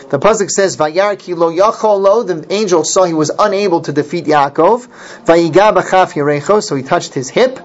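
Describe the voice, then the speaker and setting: Male Torah teacher, a bit high-pitched, explains verses and backtracks often; muffled lo-fi recording. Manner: explains Hebrew verses line by line, with restarts. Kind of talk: Torah class lecture. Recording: dull lo-fi recording.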